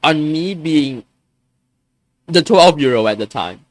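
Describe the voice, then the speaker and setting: A man's voice: a little high, animated, takes it slowly. A young man in his twenties venting on a live stream, frustrated and swearing, often stumbling and restarting his sentences.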